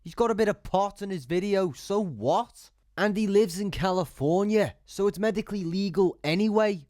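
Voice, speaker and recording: A man's voice: high-pitched, moderate pace, darkish tone, no room sound, clean studio sound. A man giving blunt, sarcastic commentary, swearing freely as he talks. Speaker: YouTube commentator. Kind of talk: opinionated commentary.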